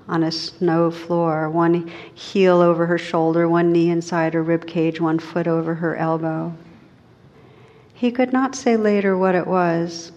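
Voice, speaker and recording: Low-voiced woman teacher in an echoey hall. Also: darkish tone. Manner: casual, laughs at her own asides. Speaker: meditation teacher. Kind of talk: talk to a group, then reading a story aloud. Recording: dull recording with a long hall echo.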